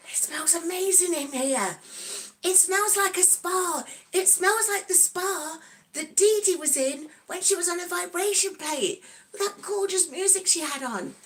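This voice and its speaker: A cheerful woman in her sixties chats on a live stream with a high, bright voice. She giggles between lines and greets her viewers one by one in a friendly, rambling way. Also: a little hiss or hum. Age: 60s. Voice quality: giggly, breaks into snatches of song. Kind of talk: casual live-stream chat.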